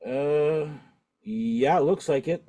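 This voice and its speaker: A middle-aged man hosting a casual talk show, talkative and animated, laughing often. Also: on the high side, slow pace. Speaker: podcast host. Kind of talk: casual chat.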